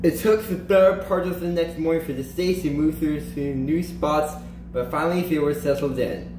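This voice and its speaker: A man with a voice on the higher side reads a children's storybook aloud in an animated way, slowing down and lifting his pitch for emphasis and character lines. The room is echoey, with a faint hiss.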